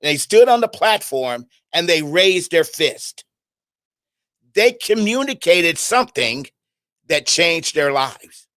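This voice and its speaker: High-voiced man preaching in dry sound. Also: takes it slowly, dry recording. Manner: animated, conversational, asks the audience questions; repeats words and restarts often. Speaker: speaker on an internet radio talk show. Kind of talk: preaching-style talk on communication.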